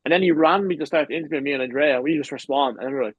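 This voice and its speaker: Racing along in a medium-pitched voice, this man in his twenties from Ireland is a pro wrestler guesting on a podcast. He rambles through long stories and swears freely in casual conversation, captured in poor audio with no echo.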